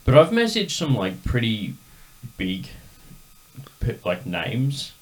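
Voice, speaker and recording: A man's voice: mid-range voice, huge pitch swings, takes it slowly. A man hosting a podcast, telling a rambling story in casual chat with lots of fillers. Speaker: podcast host.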